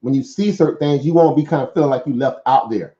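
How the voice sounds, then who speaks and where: Mellow-voiced Southern man talking stocks. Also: medium pitch, fast talker, lo-fi sound. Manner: rambling, conversational, many fillers and "right?" asides. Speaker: stock market show host. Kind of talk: casual market commentary.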